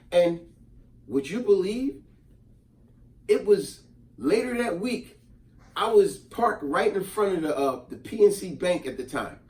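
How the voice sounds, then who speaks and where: Animated man telling stories in a roomy space. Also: high-pitched. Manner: animated, acts out voices in quotes. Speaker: storyteller. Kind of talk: casual storytelling monologue. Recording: roomy and distant from the mic.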